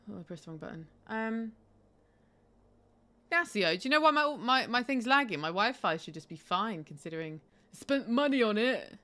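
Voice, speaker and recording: A woman's voice: fairly high pitch, expressive, normal speed, pushed and bright. A woman live-streaming a game from home on a headset, chatty and swearing, with laughing asides.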